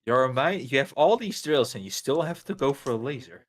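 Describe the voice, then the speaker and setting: A man in a mid-range voice joins a game stream as a co-player. He fires off dry, sarcastic remarks about what's happening on screen in relaxed, casual banter. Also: mid-range voice, brisk. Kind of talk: casual gaming stream chat.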